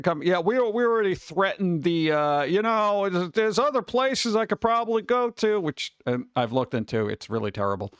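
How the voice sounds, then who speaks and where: A man's voice: a little high, clear, resonant tone, dry recording. A man streaming live from his home setup, rambling and joking with exasperation in casual chat.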